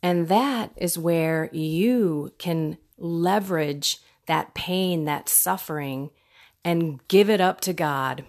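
Woman podcast host, slow and low, conversational devotional talk. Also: darkish tone. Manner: earnest, conversational, acts out quoted voices. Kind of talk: faith reflection monologue.

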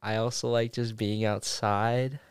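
Smooth-voiced young man rambling casually. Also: on the low side, flat delivery, unhurried, no room sound, clean studio sound. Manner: rambling with many fillers. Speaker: guest. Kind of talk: casual chat.

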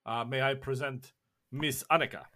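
A man voicing a meek male servant who speaks in a low, deferential tone. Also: fairly even intonation, normal speed, sharp tone, close to an everyday voice.

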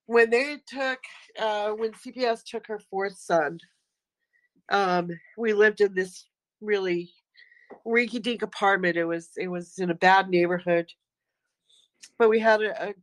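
A middle-aged woman speaks as a guest about her daughter. She tells the story in an earnest, steady way and acts out the quotes. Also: medium pitch. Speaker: guest, mother of the other guest. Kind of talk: personal testimony.

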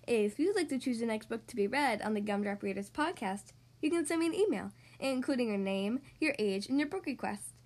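A woman hosting a children's podcast, reading a storybook aloud in a friendly, expressive manner. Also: fairly high pitch, brisk, hardly any pauses. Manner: friendly, expressive, sing-song.

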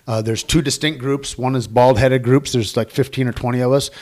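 A man's voice: medium pitch, fairly even intonation, fairly quick, darkish tone. A man who works as a stunt performer, telling rambling, profane anecdotes with quoted dialogue in a casual interview.

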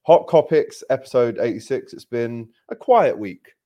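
A young man hosts a casual football podcast. His voice sits at an ordinary middle pitch. He tells stories in a brisk, chatty way and drops in viewer plugs and shout-outs. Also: expressive. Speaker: podcast host.

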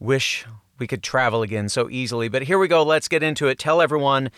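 A man's voice: mid-range voice, fairly even intonation, quick pace, a bit bright, smooth. A man hosting an entertainment news podcast, reading scripted segments with an upbeat, emphatic delivery. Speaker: podcast host.

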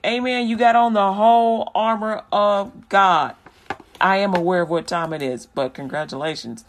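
A man's voice: high-pitched, unhurried, a bit bright. A man hosting a Christian radio show, talking in a loose, slangy, rambling way and preaching casually to listeners.

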